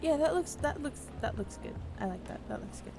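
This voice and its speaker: A woman co-hosting a casual chat, blunt and quick to laugh, acting out exasperated quotes. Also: sits high, animated, gravelly, noisy background. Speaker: podcast co-host.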